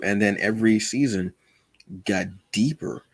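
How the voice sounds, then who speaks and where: A man's voice: fairly low pitch, normal speed, no echo, clean studio sound. A man co-hosting a podcast, chatting casually and animatedly, acting out quoted lines with self-deprecating asides. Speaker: podcast co-host.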